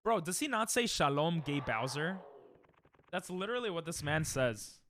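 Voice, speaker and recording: A young man chats casually on a gaming stream, joking and getting excited. His voice is bright and a bit high, with a forceful edge. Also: normal speed, slight background noise. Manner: excitable, joking, bursts of laughter and yelling.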